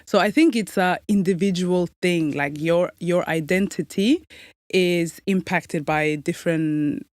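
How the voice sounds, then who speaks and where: Woman, young adult, interview guest, reflective, measured, dry recording. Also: on the low side, no room sound. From Somalia, raised in Norway. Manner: measured and reflective, many soft "mm" replies. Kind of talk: conversational interview.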